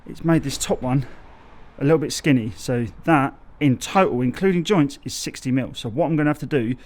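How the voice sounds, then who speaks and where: A man's voice: mid-range voice, brisk, a little mellow. Chatty bricklayer man. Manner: chatty, loses his train of thought, self-corrects. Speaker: bricklayer vlogger. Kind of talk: casual explanatory vlog. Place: outdoor building site.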